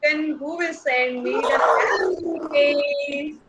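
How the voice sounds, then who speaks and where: A young nursery teacher with an Indian English accent runs an online class for small children, playful and coaxing, asking many questions and laughing often. Her voice is high and steady, her pace slow, and the recording very noisy.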